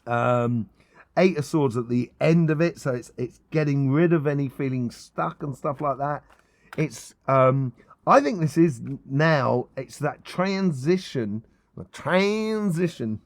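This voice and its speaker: A man's voice: mid-range voice, a little slow, no echo. A middle-aged man giving a casual tarot reading, enthusiastic and rambling, with many ums and restarts. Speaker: tarot reader.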